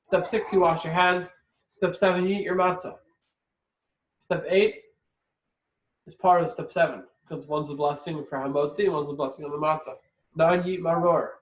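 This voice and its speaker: A man's voice: a little high, steady tone, moderate pace, long pauses, roomy sound, poor audio. A man giving an informal, chatty lesson with joking asides. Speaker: teacher explaining a ritual meal. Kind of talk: informal instructional talk with joke-telling.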